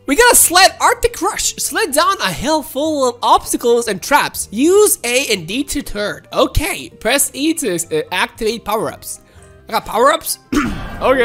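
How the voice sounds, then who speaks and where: A woman hosting a gaming channel, giving excitable let's play commentary and talking to viewers as "guys". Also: high voice, unhurried, faint music behind.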